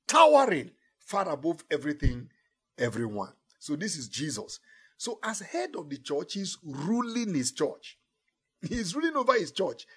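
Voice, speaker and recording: In a husky voice, a man delivers an emphatic sermon. He shifts from quiet murmurs to loud proclamations and stretches out important phrases.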